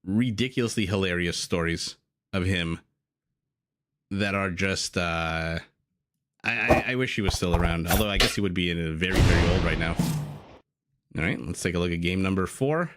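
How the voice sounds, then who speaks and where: A man's voice: sits low, moderate pace, long pauses, background noise. A man casting a live strategy game match, chatty and prone to rambling tangents with frequent laughs. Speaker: game caster. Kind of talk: live esports commentary.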